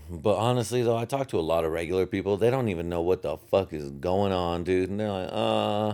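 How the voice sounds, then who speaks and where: A young American man with a low-pitched, darkish voice hosts a solo podcast. He rambles from topic to topic, swearing heavily and chuckling at his own jokes.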